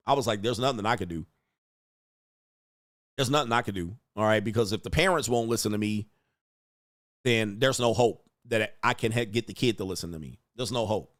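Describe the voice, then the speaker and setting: A man of average pitch hosting a casual livestream, ranting bluntly and crudely between reading viewer messages aloud. His voice is recorded close and dry, with no room sound. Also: no room sound. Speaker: livestream host reading donations.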